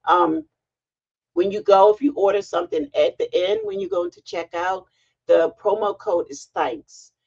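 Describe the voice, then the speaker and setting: A middle-aged woman chats on a livestream from her home, bubbly and excitable. Her pitch swoops up and down, with a gravelly fry underneath. The audio sounds dull and lo-fi. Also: moderate pace. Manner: chatty, excitable, greets viewers in chat. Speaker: livestream host. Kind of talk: casual livestream chat. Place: home, sitting on a heating pad.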